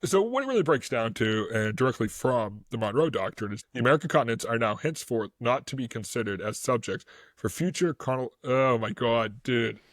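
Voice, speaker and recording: A man's voice: medium pitch, animated, a little fast, fairly bright tone, no room sound, studio quality. A man co-hosting a casual history podcast, rambling through his notes, stumbling over words and laughing often. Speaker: podcast co-host.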